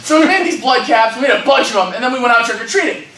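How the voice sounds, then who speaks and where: High-voiced man doing stand-up. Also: expressive, racing, sharp tone. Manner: rambling, laughing storyteller. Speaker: stand-up comedian. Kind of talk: stand-up comedy set. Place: convention panel room with audience. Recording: echoey hall, distant mic, noisy.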